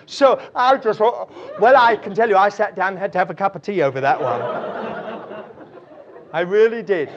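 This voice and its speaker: A man's voice: high-pitched, normal speed, a faint crowd. A man preaching a sermon, drifting into chuckling anecdotes with many fillers. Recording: dull lo-fi recording.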